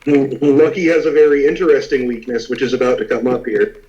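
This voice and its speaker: A man's voice: mid-range voice, fairly quick, a little mellow. A man narrating a tabletop game as game master, rambling with many restarts, on muffled lo-fi audio.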